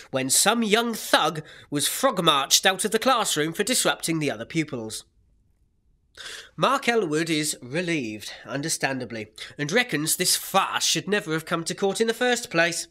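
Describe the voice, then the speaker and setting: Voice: medium pitch, bright, forceful tone. A speaker reading out a newspaper story. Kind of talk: reading news text.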